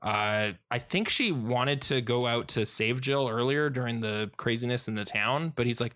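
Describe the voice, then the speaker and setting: A man's voice: mid-range voice, moderate pace, hardly any pauses, fairly bright tone. Rambling man chatting on a podcast. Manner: rambling, many fillers and restarts, laughs often. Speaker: podcast co-host. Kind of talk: casual chat about a comic.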